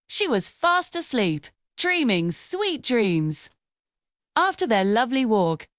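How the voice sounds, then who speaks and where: Lively woman reading a bedtime story. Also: medium pitch, dry recording, clean studio sound. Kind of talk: bedtime story read-aloud.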